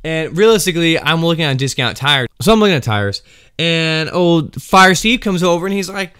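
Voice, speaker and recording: A man's voice: fairly high pitch, lively intonation, moderate pace, pushed and bright, clear, resonant tone, dry recording, studio quality. A young man and former military firefighter, telling rambling, wry stories in a casual vlog. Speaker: firefighter storyteller.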